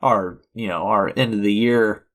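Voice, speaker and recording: A man's voice: fairly low pitch, fairly even intonation, moderate pace. A young man co-hosting a film podcast in casual chat, laid-back and laughing often, with the odd swear word. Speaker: podcast co-host.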